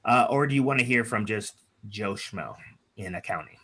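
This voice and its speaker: A man's voice: lowish voice, expressive, normal speed, bright, forceful tone, slightly rough. Encouraging man coaching on a video call. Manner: chatty and encouraging, with frequent fillers. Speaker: speaking coach leading an online workshop. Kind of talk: workshop talk with improv exercises.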